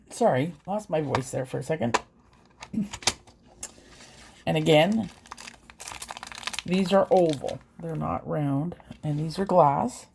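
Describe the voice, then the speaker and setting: A woman's voice: deep voice, takes it slowly, vocal fry, long pauses, background noise. A woman vlogger chatting casually and hesitantly as she unboxes and reviews craft supplies. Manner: chatty, hesitant, with fillers and self-corrections.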